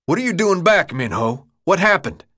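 A man voicing a gruff, tense teenage boy leader who talks bluntly and demands answers. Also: fairly low pitch, moderate pace, a bit bright. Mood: agitated.

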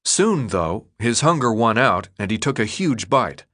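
A man narrating an audiobook in an expressive, dramatic storytelling manner. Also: lowish voice, a little slow. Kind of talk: scripted narration.

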